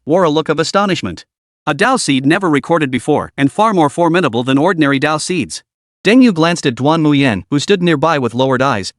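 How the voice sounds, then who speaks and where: Animated male storyteller, dry close sound. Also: no echo. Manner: steady storytelling with animated pitch. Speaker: narrator. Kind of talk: scripted narration.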